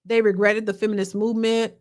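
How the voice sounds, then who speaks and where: A woman hosting a casual live stream, telling a funny story in an animated, colloquial way and answering chat comments. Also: medium pitch, quick pace. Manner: animated, laughing, colloquial, swings from loud to hushed.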